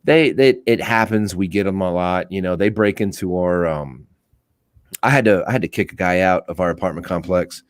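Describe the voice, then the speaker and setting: A man with a lowish voice tells work stories in a loose podcast chat, animated and quick to laugh. The sound is dry and close, with no room behind him. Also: no echo. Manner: laughing, animated storyteller who acts out voices. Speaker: police officer and apartment courtesy officer.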